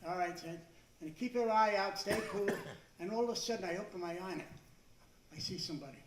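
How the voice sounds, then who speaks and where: An older man doing stand-up, growing exasperated and shouting his punchlines. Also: high-pitched, a little fast, slight background noise. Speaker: stand-up comedian. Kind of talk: stand-up routine. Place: club stage before a live audience. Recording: echoey room, far from the mic.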